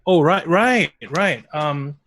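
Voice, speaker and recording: A man's voice: on the high side, lively intonation, takes it slowly, a bit bright, dry recording. A man playing a tabletop role-playing game, casual and joking. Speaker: player.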